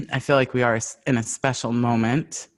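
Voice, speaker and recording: A man's voice: medium pitch, fairly even intonation, normal speed. A man hosting a casual podcast conversation, talking in an earnest, conversational way and drawing out his guest with questions. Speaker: podcast host.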